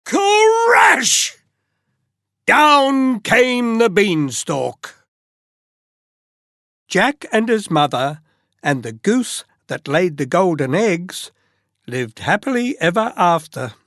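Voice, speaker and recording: A storyteller reading a fairy tale aloud very slowly and expressively, as bedtime listening practice. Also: medium pitch, no room sound, studio quality. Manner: very slow, expressive read-aloud.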